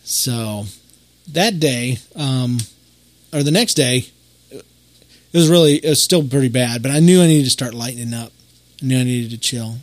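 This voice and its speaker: A man's voice: mid-range voice, unhurried, pauses often, no echo. A middle-aged man, hosting a podcast and telling stories in a rambling, folksy way with many fillers. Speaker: podcast host. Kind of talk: casual storytelling monologue.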